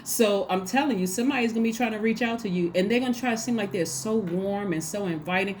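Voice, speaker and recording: A woman's voice: mid-range voice, quick pace, a little mellow, a little hiss or hum. A woman giving a casual tarot reading, talking emphatically and acting out little quoted exchanges. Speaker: tarot reader.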